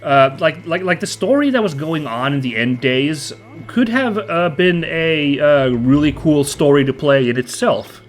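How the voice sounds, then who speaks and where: A man's voice: fairly high pitch, expressive, measured pace, soft background music. Chatty man with a stuffy nose. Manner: chatty, rambling, upbeat. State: stuffy, slightly nasal from a cold. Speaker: let's play host. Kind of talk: casual gameplay commentary.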